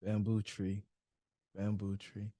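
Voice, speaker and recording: A man's voice: lowish voice, monotone, takes it slowly, mellow, no room sound. A man hosting a podcast, asking thoughtful questions with some hesitation. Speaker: podcast host. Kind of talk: interview questions.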